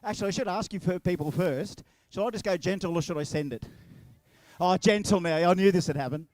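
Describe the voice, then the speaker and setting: A man's voice: sits high, brisk, darkish tone. An Australian man working as MC at an outdoor racetrack, bantering with the crowd in a jokey, teasing way. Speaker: event MC. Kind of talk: crowd banter at a live event. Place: outdoor drag racing track.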